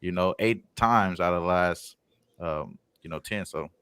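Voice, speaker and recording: Very deep-voiced man, easygoing betting talk. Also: a bit bright, clear, resonant tone, dry recording. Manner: easygoing, slangy, halting. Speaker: sports betting panelist. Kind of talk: casual sports betting talk.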